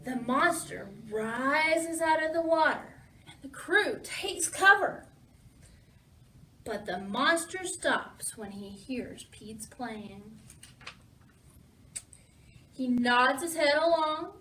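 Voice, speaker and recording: Animated woman reading to kids in pirate-talk. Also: high voice, slow pace, pauses often, recorded from a distance, slight background noise, low-quality recording. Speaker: children's storytime reader. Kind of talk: reading a picture book aloud to kids.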